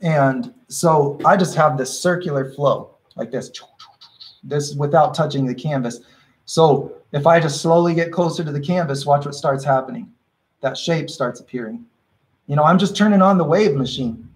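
A man with a fairly high voice speaks at a moderate pace while running a live painting workshop, where he explains his brushwork in an easygoing, encouraging way and keeps restarting sentences as he thinks. The recording is low quality.

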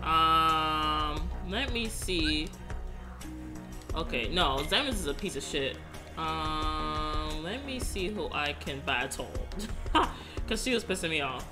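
A woman playing a video game and commenting casually, swearing and yelling excitedly at the screen. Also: low-pitched, takes it slowly, music in the background. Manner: profane, excitable, yells at the game. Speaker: gamer.

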